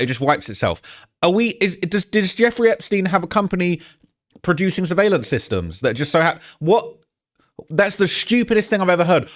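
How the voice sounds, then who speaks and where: Lively, sarcastic male commentary host. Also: on the high side. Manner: heated, sarcastic ranting; reads out online comments. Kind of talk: true-crime commentary.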